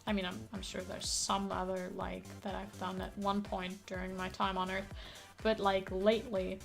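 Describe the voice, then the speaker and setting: A woman who isn't a native English speaker streams herself playing a puzzle game, rambling casually with lots of fillers, casual swearing and laughter. Her medium-pitched voice is gravelly and flat, at normal speed, with faint music behind her.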